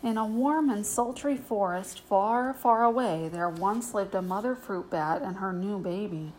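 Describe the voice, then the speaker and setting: A woman reads a children's picture book aloud in a gentle, even storytelling manner. Her pitch sits in the middle range for a woman. Faint noise lies under the recording. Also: a little slow, rough recording. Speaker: storybook reader, host. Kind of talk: bedtime storybook reading.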